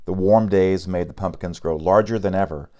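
A man with a low voice reads a picture book aloud. His pace is steady and unhurried, with a few slips and restarts along the way. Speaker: narrator.

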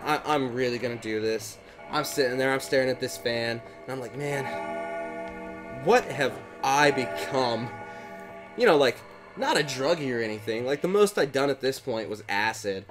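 Over music, a young gaming co-host rambles through a long anecdote as he plays with a friend, frequently cutting himself off mid-sentence. He speaks in a mid-range voice, animated and brisk, in this casual storytelling over gameplay.

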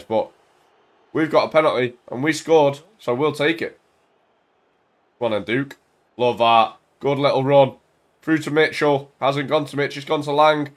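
A young man casually commentating on his own football video game at home into a desk mic, full of banter and bursting into shouts when his team scores. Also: mid-range voice. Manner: excitable, banter-filled, shouts at goals. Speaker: gaming YouTuber.

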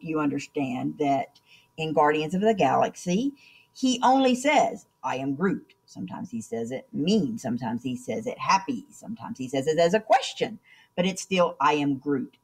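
A woman teacher with a low voice records a walkthrough of class assignments at her computer. She is chatty and keeps checking in with "okay?" as she goes. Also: husky. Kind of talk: screen-recorded class instructions.

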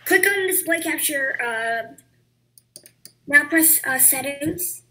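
Blunt, high-voiced woman assistant. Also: expressive, slow pace, pushed and bright, rough recording. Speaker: assistant and co-host. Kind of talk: casual chat.

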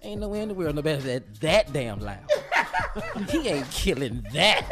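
Male radio regular, high voice, wildly varied pitch, laughing through the bit. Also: very animated, moderate pace, loud music behind the voice. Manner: laughing, playful, exaggerated greetings. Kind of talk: comic improvised radio bit.

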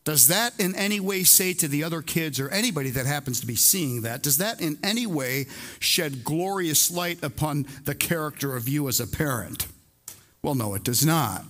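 Male pastor, sermon, bright forceful voice, fairly high, emphatic, conversational, repeats key lines. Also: expressive, moderate pace. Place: church service before a congregation.

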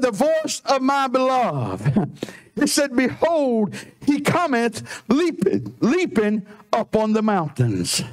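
Male preacher, very high voice, fervent sermon that swells into shouts, scripture read slow. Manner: impassioned, drawls scripture slowly, breaks into shouts. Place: church sanctuary.

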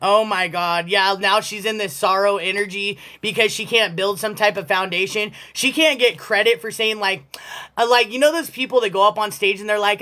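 A woman's voice: mid-range voice, a little fast, bright, forceful tone. A woman giving a casual collective tarot reading, blunt and profane and often breaking into laughter. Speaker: tarot reader.

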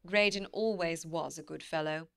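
A woman's voice: sits low, moderate pace, vocal fry, fairly bright tone, no room sound, studio quality. A woman voicing a young husband who speaks in a plain, matter-of-fact way. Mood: wry. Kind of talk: audiobook character reading.

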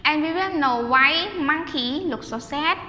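A woman with a high, bright voice teaches a kindergarten class, stretching out words and repeating them for the children to copy. Her voice rings in an echoey room with a long reverb tail. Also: lo-fi sound, slight background noise. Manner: slow, drawn-out repetition for children. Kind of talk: online classroom lesson.

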